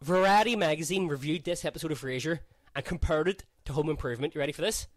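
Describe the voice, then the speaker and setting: A man's voice: a little high, fast, no echo. A young Northern Irish man co-hosting a podcast in casual, teasing banter, laughing often. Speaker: podcast co-host.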